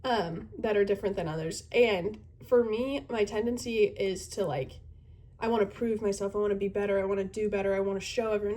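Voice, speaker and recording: A youth group leader in her twenties talks casually and earnestly to camera, using lots of fillers and thoughtful pauses. Her voice is medium-pitched and mellow, with fairly even intonation.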